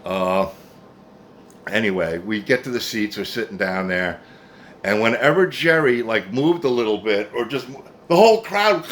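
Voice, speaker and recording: A man's voice: fairly low pitch, lively intonation, measured pace, pauses often, a bit bright. A man in his fifties telling a rambling, profane story casually, full of "anyway" asides. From New Jersey, USA. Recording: faint background noise.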